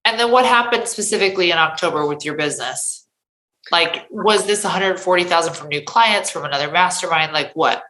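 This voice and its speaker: Lower-voiced woman host, echoey room. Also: a little fast, pushed and bright. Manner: chatty, tags lines with "like" and "right?". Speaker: podcast host. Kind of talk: casual interview chat.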